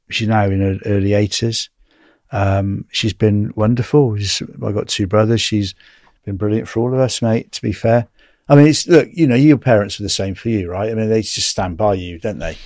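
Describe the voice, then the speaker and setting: A chatty English man in his fifties tells long anecdotes, often breaking into laughter. His voice sits fairly low. The recording is dry and close. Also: moderate pace, a little mellow, dry recording. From England. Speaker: guest. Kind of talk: casual storytelling interview.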